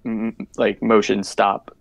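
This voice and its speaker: A man's voice: fairly low pitch, little pitch movement, slow, gravelly, no echo, dull audio. A man playing a tabletop game, speaking hesitantly with many fillers and stumbles. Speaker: player. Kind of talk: casual chat at a game table.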